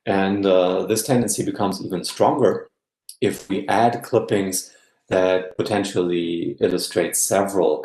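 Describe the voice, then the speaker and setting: A man giving an academic guest lecture, explaining step by step and often checking in with a quick "yeah?". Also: sits low, gravelly, darkish tone, echoey room.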